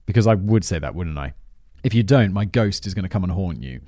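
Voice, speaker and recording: A man's voice: low-pitched, expressive, a little fast, dark tone, no echo. A man hosting a podcast, reading a story aloud with sardonic, self-mocking asides and casual swearing, close to the microphone. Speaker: podcast host.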